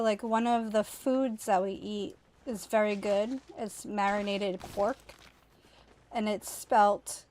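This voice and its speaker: A woman from the United States casually chatting while streaming a game, explaining words to her chat at an easy pace. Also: mid-range voice. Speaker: streamer and mother.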